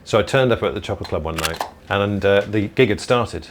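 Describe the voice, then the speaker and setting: A man being interviewed as a comedian and impressionist, telling anecdotes in an animated way and acting out the people he quotes. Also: fairly low pitch, fairly quick, slight background noise. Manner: animated storyteller who acts out the people he quotes.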